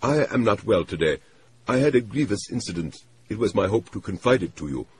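A man's voice: on the low side, lively intonation, brisk, darkish tone, slight background noise, voice pushed up, lightly acted. A man voicing a formal, anxious middle-aged trade official who speaks in stiff, overly polite phrasing. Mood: troubled.

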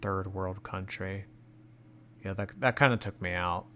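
A man's voice: sits low, unhurried, a bit bright, slight background noise. A man hosting a reaction commentary, making sarcastic, mocking remarks about the clips. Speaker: commentary host.

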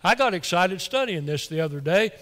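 A male pastor delivers his sermon in a high voice, folksy and easily excited, doubling words when the feeling runs ahead of him. His voice rings out through a church with a long, lingering reverb. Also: a little fast. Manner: excitable, folksy, stumbles and repeats when worked up. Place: church sanctuary.

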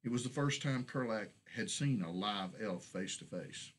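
A man reading his own fantasy short story aloud in a steady, measured storybook narration. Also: fairly low pitch, husky, poor audio.

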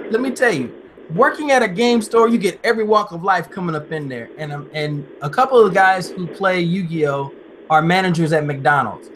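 A man hosting a casual live chat, animated and playful, telling stories and slipping into silly voices. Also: high-pitched, background noise. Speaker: host.

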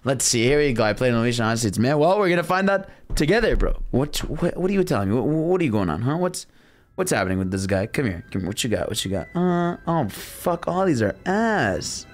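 A young adult man giving excitable, slang-filled live commentary on a video game, talking to his chat. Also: medium pitch, a little fast. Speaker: game streamer. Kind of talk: casual live gaming commentary.

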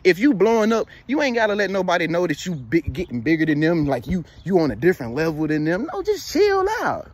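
A man's voice: fairly high pitch, lively intonation, quick pace, hardly any pauses, husky. A man in his thirties giving casual motivational advice, preachy and repetitive, who keeps checking in with "you feel me.". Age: 30s. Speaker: motivational vlogger.

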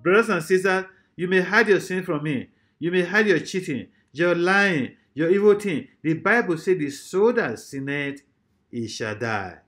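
Man, preacher, emphatic, repeats phrases, fairly high voice. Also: lively intonation, measured pace. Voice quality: emphatic, repeats phrases, swings loud and soft. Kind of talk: sermon.

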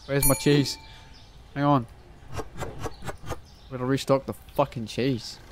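Foul-mouthed gamer muttering. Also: male voice, medium pitch, fairly even intonation, slow pace, noisy background. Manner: swears constantly, mutters prices while counting change. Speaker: gaming channel host. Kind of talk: casual gameplay commentary.

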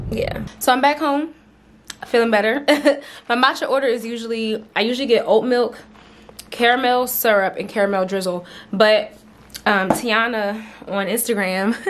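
A woman's voice: a little high, a little hiss or hum. Chatty young woman vlogging to camera. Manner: chatty, upbeat, laughs often, many fillers. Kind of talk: casual vlog chat to camera.

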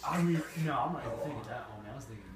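A teenage man being interviewed, talking casually with loud, profane jokes and fast rambling. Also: mid-range voice, lively intonation, over a noisy crowd. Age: teens. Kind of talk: casual chat. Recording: roomy, distant, noisy.

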